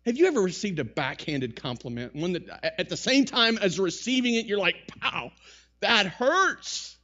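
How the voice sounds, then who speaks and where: A man preaching a sermon to a congregation in a church, talking with rising bursts and quick asides. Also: high voice, very animated, a bit bright, lo-fi sound. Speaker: pastor. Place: church sanctuary.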